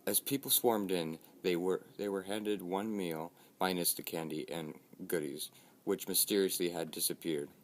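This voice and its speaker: A man giving measured, scripted narration of a story. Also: sits low.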